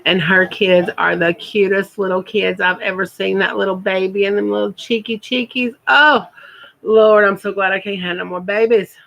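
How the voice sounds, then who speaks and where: A woman's voice: medium pitch, fairly even intonation, moderate pace, vocal fry, fairly bright tone, muffled recording. A woman, chatting casually on her first live stream and repeating words for emphasis.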